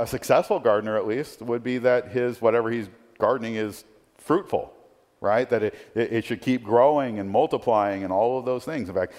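A man's voice: on the low side, a little mellow. Conversational male preacher in a reverberant hall. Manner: conversational, tag questions, frequent restarts. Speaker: pastor. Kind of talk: sermon.

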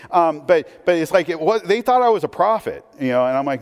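A man's voice: on the high side, very animated, brisk, hardly any pauses. A man preaching a casual, conversational sermon from the pulpit, chatty and self-deprecating, with frequent fillers and restarts. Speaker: pastor. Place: church sanctuary. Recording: long reverb of a church hall.

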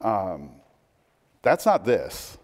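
A man's voice: fairly low pitch, wildly swooping pitch, extremely slow. Chatty male pastor in a reverberant church. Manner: chatty, self-deprecating, many fillers and restarts. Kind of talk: conversational sermon. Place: church sanctuary. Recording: long reverb of a church hall.

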